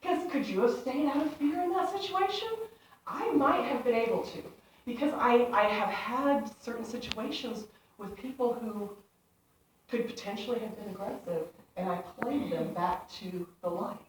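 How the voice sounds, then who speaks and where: A woman with a fairly high voice tells a story to a congregation in a playful, animated way, slipping into voices as she goes. She is heard from some distance in a very echoey hall. A faint hiss sits underneath. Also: normal speed. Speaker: speaker. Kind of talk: inspirational talk to a congregation. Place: church hall. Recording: echoey hall, speaker away from the mic.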